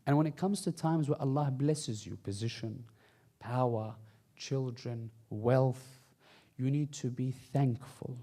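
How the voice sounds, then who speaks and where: A man giving an impassioned sermon, swinging between soft, low passages and loud, high bursts, with recited Arabic phrases. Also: vocal fry. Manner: impassioned, rising and falling delivery with Arabic recitation. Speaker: speaker. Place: mosque hall.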